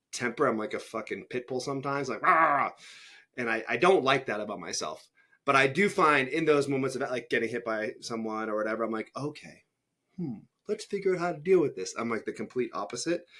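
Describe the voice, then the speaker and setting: A man's voice: mid-range voice, sharp tone. A man hosting a podcast in casual conversation, blunt and swearing freely, acting out his own reactions. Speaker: podcast host.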